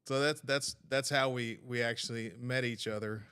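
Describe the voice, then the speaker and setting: A man who works as a podcast producer speaks in a studio, sincere and heartfelt as he tells his story. His voice sits at an ordinary middle pitch, and he talks at a relaxed, conversational pace. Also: moderate pace, clear, resonant tone.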